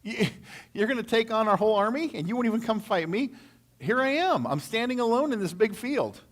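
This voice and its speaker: A man's voice: high-pitched, expressive, brisk, voice pushed up. A man doing a boastful, taunting giant warrior. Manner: mocking, swaggering taunts in folksy slang.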